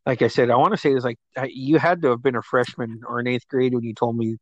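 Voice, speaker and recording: A man's voice: medium pitch, steady tone, fast, no room sound, highs cut off. A man in his thirties hosting a casual chat, who laughs often, swears freely and rambles. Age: 30s. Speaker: host.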